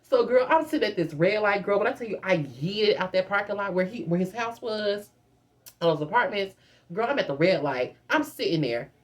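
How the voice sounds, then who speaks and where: A woman's voice: mid-range voice, expressive, moderate pace. A young woman vlogger telling a dramatic, profane storytime straight to her viewers. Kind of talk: casual storytime.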